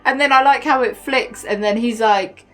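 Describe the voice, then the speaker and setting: A woman's voice: a little high, normal speed. Chatty woman retelling a show. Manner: animated retelling, quotes characters, laughs. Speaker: reaction channel co-host. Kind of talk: casual chat.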